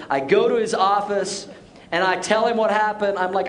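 A middle-aged male pastor preaching a sermon, telling a personal story and slowing down for emphasis. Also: fairly high pitch, expressive, fairly bright tone, slight background noise. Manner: storytelling, acts out quotes, shifts to slow emphatic lines. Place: church auditorium.

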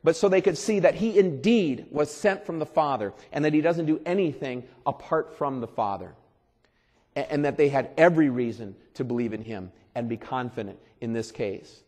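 A pastor preaching a sermon in a conversational way, repeating phrases and swelling loud for emphasis. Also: male voice, medium pitch, lively intonation, normal speed. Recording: long reverb of a large hall.

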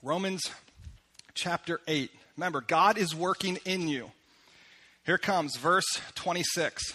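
A man preaching a sermon in a church, talking conversationally and slowing down to read scripture aloud. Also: on the high side, bright, forceful tone, slightly rough. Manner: conversational preaching, slows down when reading scripture. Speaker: pastor. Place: church sanctuary.

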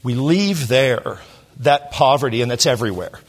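This middle-aged Southern California pastor shares a personal story from the pulpit in an animated, slightly rough mid-range voice. Emotion makes his delivery halting, full of restarts.

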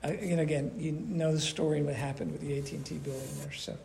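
A man preaching a conversational sermon to his church, animated and acting out little voices as he talks. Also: on the high side, fast, gravelly, a little hiss or hum. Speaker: pastor.

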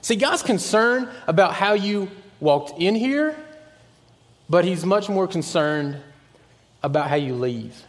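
A man preaching a sermon as pastor, earnest, sometimes dropping to a hushed voice on key points. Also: sits high, animated, takes it slowly, big-room sound.

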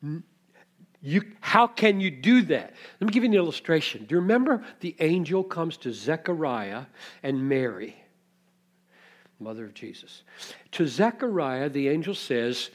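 A man's voice: on the high side, big pitch swings, unhurried. A man preaching an expository sermon, teaching reflectively and posing rhetorical questions to his listeners.

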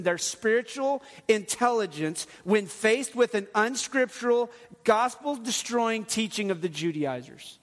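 A middle-aged man, a pastor, preaching a sermon in an earnest, conversational way with touches of humor. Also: sits high. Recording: long hall reverb.

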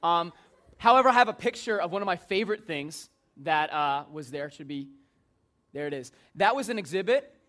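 Young guy with a high voice rambling thru funny stories to a youth group, jumps into silly voices. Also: lively intonation, moderate pace, a bit bright. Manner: rambling, jumpy, funny anecdotes with acted-out voices. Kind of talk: casual storytelling to a group.

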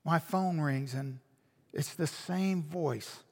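A man's voice: on the high side, slow pace, gravelly, in a large hall. A man preaching a sermon as a pastor, telling a story with earnest, emphatic repetition. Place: church.

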